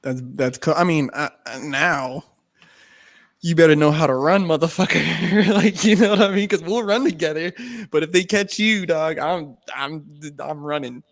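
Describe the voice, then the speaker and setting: A young man co-hosting a podcast, telling a story in animated, slangy talk with lots of swearing and laughter. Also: on the high side, moderate pace, dry recording. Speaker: podcast co-host. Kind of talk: casual chat, storytelling.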